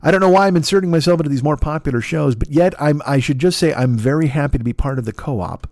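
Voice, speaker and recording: A man's voice: a little high, fast, a little mellow, dry recording, clean studio sound. A man hosting a comedy podcast, rambling and swearing in a self-deprecating monologue. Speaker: podcast host.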